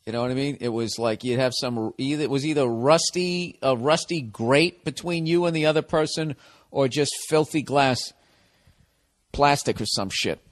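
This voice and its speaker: A man's voice: mid-range voice, moderate pace. A man in his forties from the United States hosting a podcast, rambling through a casual solo monologue full of swearing and wisecracks. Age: 40s. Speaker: podcast host.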